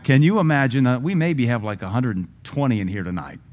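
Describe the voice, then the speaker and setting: In a church sanctuary, a pastor preaches to his congregation in a middle-pitched, darkish voice. His brisk, sing-song delivery is conversational, with emphatic rises and self-deprecating asides.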